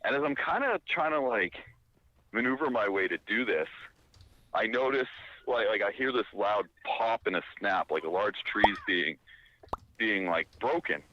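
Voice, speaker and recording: A man telling a long casual anecdote, animated and rambling, full of fillers and restarts. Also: lowish voice, normal speed, lo-fi sound. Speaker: storyteller.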